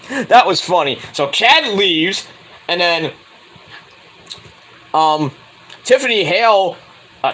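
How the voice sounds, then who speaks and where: A man talks through a wrestling show in a loose, rambling solo review, tossing in crude asides. His voice sits high and swings widely in pitch. The tone is bright and sharp. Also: sing-song, slow pace, pauses often. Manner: rambling, crude asides, jumps into loud impressions.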